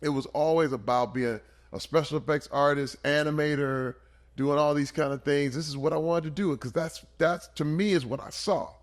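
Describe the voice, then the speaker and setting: A man in his fifties from Michigan, a podcast guest telling his life story in an earnest, animated way with big swings in energy. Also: on the high side, moderate pace. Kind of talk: emotional personal storytelling.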